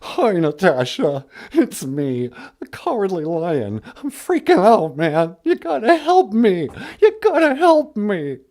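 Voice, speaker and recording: A man's voice: sits high, huge pitch swings, takes it slowly, darkish tone, voice pushed down, exaggerated voice. A man voicing a nervous, whiny male lion on a puppet comedy podcast, stammering in a panic. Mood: panicky.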